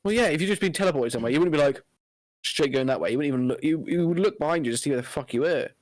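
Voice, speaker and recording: An excitable podcast co-host whose pitch bounces all over the place, laughing loudly and swearing in quick outbursts. The voice sits close and dry on the mic. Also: dry recording. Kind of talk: casual chat.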